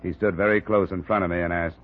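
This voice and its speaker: A man narrates in a clipped, hard-boiled detective voice from a 1950s radio drama. His voice sits very low. The broadcast sound is thin and tinny. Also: steady tone, fast.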